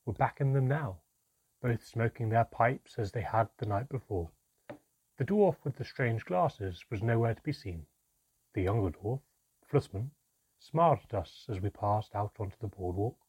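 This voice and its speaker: A man narrating a fantasy story in the first person, measured and suspenseful, sometimes dropping to a whisper. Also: mid-range voice, animated, darkish tone, slightly rough, no room sound. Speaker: audiobook narrator. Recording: dry, slightly dull audio.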